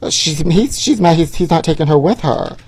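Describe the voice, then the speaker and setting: A man's voice: a little high, animated, fairly quick, husky. A middle-aged man hosting a show, reading tabloid headlines aloud and riffing on them in a sassy, flamboyant way, calling the audience honey. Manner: sassy, flamboyant, calls viewers honey, reads headlines then riffs. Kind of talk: campy gossip commentary.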